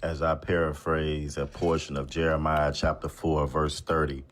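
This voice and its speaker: A man giving a solemn, measured rebuttal that quotes scripture, preacher-style. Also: extremely low pitch, little pitch movement, slight background noise.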